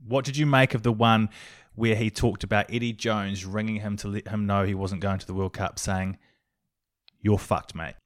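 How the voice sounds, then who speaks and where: A man with a low voice who hosts a podcast and talks fast. He steers the chat with brisk questions, recorded close and dry with no echo. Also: level tone. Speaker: podcast host. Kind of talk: casual chat.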